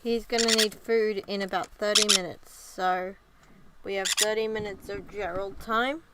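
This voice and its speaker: Woman, mid-pitched, soft cooing pet talk, casual vlog, noisy recording with a bird in the background. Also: steady tone, a little slow. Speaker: vlogger. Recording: loud background noise.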